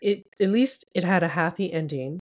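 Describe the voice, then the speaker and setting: A woman's voice: fairly low pitch, moderate pace, a little mellow. A woman co-hosting a podcast, upbeat and giggly, chatting and reading listener stories. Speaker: podcast co-host. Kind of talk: casual chat and story reading.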